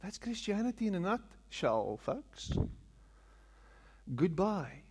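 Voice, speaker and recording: A man's voice: high-pitched, very animated, slow pace, darkish tone, husky. A man preaching a sermon, repeating phrases for emphasis and asking rhetorical questions in a large hall. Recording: long hall reverb.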